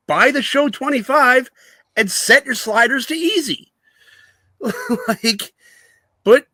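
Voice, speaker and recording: This sports podcast co-host has a very high, bright, forceful male voice, recorded without echo. In casual banter he turns sarcastic and mocking, often dropping into whiny put-on voices.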